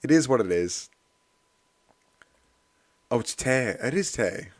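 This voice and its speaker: A man with a hoarse voice chatting casually and laughing at himself while livestreaming. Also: mid-range voice, expressive, takes it slowly. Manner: chatty, self-deprecating, laughs often. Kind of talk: casual study stream chat.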